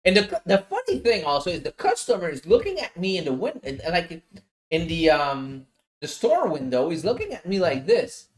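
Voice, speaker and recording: A man hosting a casual livestream from his home office, telling a lively story and swearing freely. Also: on the high side, moderate pace. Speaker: livestream host.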